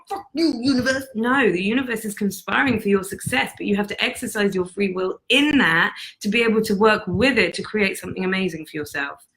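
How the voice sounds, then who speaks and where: A woman's voice: medium pitch, a bit bright, poor audio. A woman life coach giving a blunt, profane motivational talk to camera, speaking emphatically. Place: on retreat in Bali.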